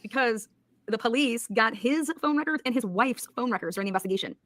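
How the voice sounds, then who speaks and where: A woman's voice: on the high side, lively intonation, quick pace, fairly bright tone, no room sound. A woman hosting a casual true-crime talk, blunt, profane and incredulous. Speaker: podcast host.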